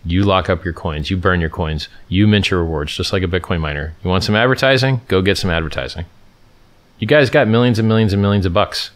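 Deep-voiced emphatic man from California. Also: fast talker. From Stockton, California, USA. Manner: emphatic, repeats phrases and restarts often. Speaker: livestream host answering viewer questions. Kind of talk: casual livestream chat.

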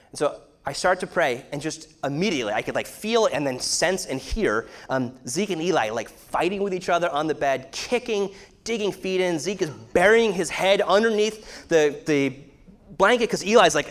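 A man's voice: a little high, a bit bright. A man in his thirties giving an earnest, explanatory sermon-style talk, with many fillers. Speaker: speaker teaching on shame.

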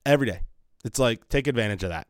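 A man's voice: mid-range voice, expressive, quick pace, clean tone, no echo, clean studio sound. A man hosting a solo podcast, rambling and swearing casually with many restarts, sounding a bit tired. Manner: rambling, profane, restarts often. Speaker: podcast host.

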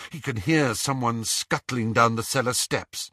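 A man reading a novel aloud as an audiobook narrator, with an expressive, dramatic delivery. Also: medium pitch, unhurried, hardly any pauses, dry recording, clean studio sound. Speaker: audiobook reader.

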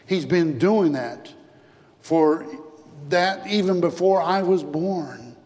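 A man voicing a calm father who gently reassures his son. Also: on the high side, slow, big-room sound. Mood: reassuring.

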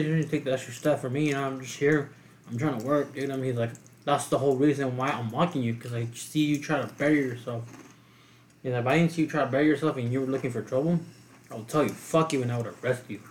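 A young man bantering on a casual podcast in a blunt, swearing manner. His voice is mid-pitched, with a faint hum of room ambience behind it. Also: fairly even intonation, fast talker, a little mellow. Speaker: podcast co-host. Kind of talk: casual chat.

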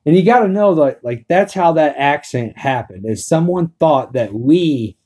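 A man's voice: fairly high pitch, expressive, moderate pace, darkish tone, slightly rough. A man hosting a crude comedy podcast, rambling and swearing constantly. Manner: profane, rambling. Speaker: podcast host.

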